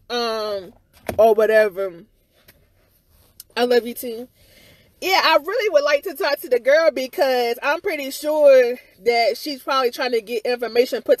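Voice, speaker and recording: A woman's voice: a little high, no echo. A woman giving her side of a viral incident in a candid, rambling livestream-style rant, with lots of "you know" and "or whatever" and some swearing. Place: outdoors outside her house.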